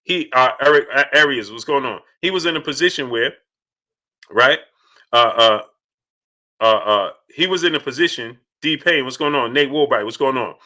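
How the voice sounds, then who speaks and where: A man's voice: medium pitch, expressive, moderate pace, pushed and bright. A man hosting a live boxing talk stream. He greets chat viewers by name and repeats his points with emphasis. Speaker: boxing channel host.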